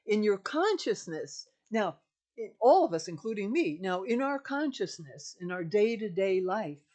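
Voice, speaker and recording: A woman's voice: medium pitch, a little mellow. Older female spiritual teacher, emphatic and repetitive delivery, mid-range voice.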